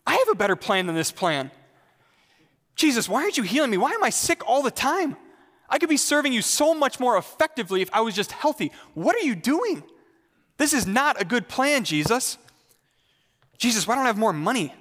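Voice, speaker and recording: A man's voice: very high voice, sing-song, a little fast, a bit bright, long reverb tail, voice pushed up, heavily acted. A man doing a whiny complaining believer. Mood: whiny indignant. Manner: whiny, indignant, exasperated. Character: whiny self-pitying male believer complaining to God.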